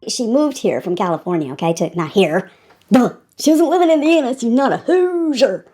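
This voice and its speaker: A playful woman vlogger chatting casually to her viewers and making goofy sounds. Her voice is high. Her pitch swoops and jumps all over. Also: sing-song, a little fast, mellow, soft background music. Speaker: beauty vlogger. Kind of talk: casual chat.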